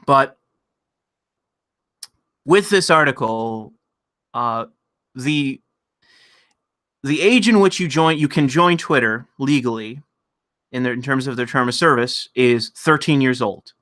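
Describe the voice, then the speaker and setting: A man's voice: mid-range voice, takes it slowly, long pauses, a bit bright. A man ranting sarcastically and with profanity on a live stream of political commentary, sometimes laughing at his own point.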